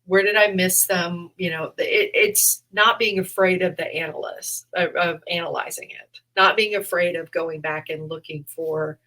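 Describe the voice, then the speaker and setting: Bright-voiced woman comedian chatting. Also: lowish voice, normal speed, few pauses, poor audio. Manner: animated storytelling, acts out her own past reactions; laughs often. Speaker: comedian and podcast co-host. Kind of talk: casual chat.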